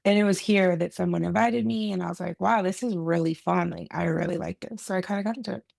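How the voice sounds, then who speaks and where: A woman chats as a guest on a podcast recorded over a video call. She thinks aloud as she goes and leans on fillers. Her low voice is strongly gravelly and sounds close and dry. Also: fairly even intonation, fast, a little mellow, no room sound. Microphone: video call mic.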